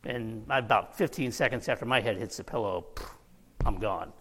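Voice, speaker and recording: A pastor with a lowish, slightly bright voice speaks at a moderate pace, with a bit of hiss or hum and the long reverb of a church hall. His sermon in the sanctuary unfolds as a personal story full of laughter and easygoing asides.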